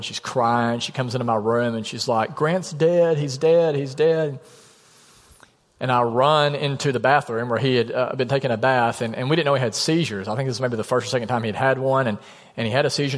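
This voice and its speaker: A male pastor preaching a conversational sermon in a church, often acting out quotes. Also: mid-range voice. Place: church sanctuary. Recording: long hall reverb.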